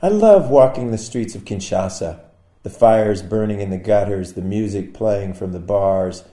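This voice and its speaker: A man reading his own poem in a wry, musing way, with sudden loud outbursts. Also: fairly low pitch, animated, moderate pace, roomy sound. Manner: wry, musing delivery with sudden bursts of loudness. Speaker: poet. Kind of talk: poetry reading.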